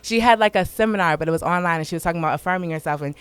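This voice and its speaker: A woman who is a guest in a casual interview, talking in an animated, informal way and laughing often. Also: on the low side, rapid-fire, clear, resonant tone, no echo.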